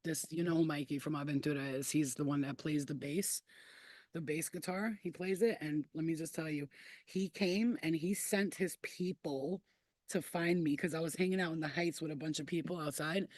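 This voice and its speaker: A woman's voice: low-pitched, fairly even intonation, normal speed, darkish tone, no room sound. Brief: woman in her thirties, livestream host, candid storytelling full of cursing and laughter, dry close sound. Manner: blunt, profane, laughs often. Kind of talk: casual storytelling to live chat.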